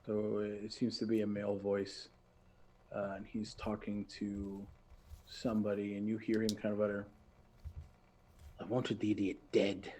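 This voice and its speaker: A man narrating as game master in a relaxed way, often pausing with fillers. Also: on the low side, slight background noise.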